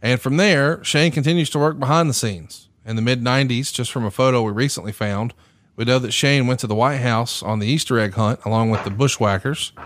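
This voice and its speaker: A man of middle pitch runs through a prepared history at an even, measured pace, with small fillers between points. His voice sounds close and dry, with no room sound. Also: no echo. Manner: reads notes in a steady, measured way with fillers. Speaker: podcast host.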